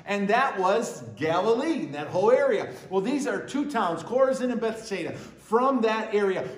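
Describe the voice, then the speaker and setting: A man preaching a sermon with emphatic delivery, repeating key phrases and swelling louder on them. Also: high voice, echoey room. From western New York. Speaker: pastor.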